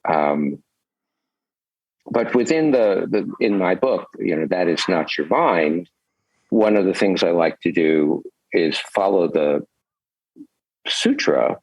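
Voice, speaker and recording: A man's voice: deep voice, animated, takes it slowly, pauses often, a little mellow, no room sound, muffled recording. An older man, a Zen teacher, telling stories as a podcast guest in a rambling, reflective way with chuckles. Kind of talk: storytelling in a podcast interview.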